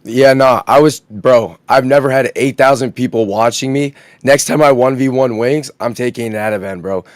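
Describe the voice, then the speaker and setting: Hoarse male gamer guest, dry mic, slangy and self-mocking. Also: mid-range voice, no room sound. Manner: rapid slangy, self-deprecating. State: hoarse from yelling. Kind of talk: casual chat.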